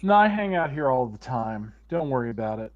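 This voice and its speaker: A man's voice: mid-range voice, sing-song, a little fast, phone-quality sound, slight background noise. A man narrating as game master for a tabletop role-playing game, in an easygoing way with fillers and restarts.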